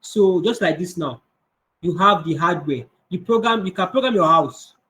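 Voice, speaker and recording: A coding instructor's high, somewhat bright voice comes through a rough recording at a moderate pace, sounding a bit strained. He answers kids' questions in a conversational online class over video call, frequently restarting.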